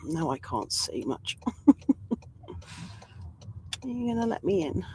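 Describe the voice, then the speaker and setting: A woman's voice: fairly low pitch, sing-song, slow, a little mellow, low-quality recording. A woman in casual live commentary while she drives, talking to viewers and laughing often. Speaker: storm chaser streaming live. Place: inside a moving car. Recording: faint road noise from the car.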